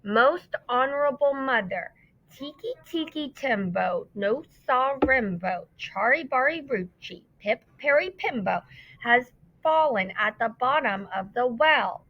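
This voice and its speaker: A woman's voice: expressive, slow, no room sound, full character voice. A woman doing a breathless little boy. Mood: slow, careful. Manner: high, panting cries. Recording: dull lo-fi dry recording.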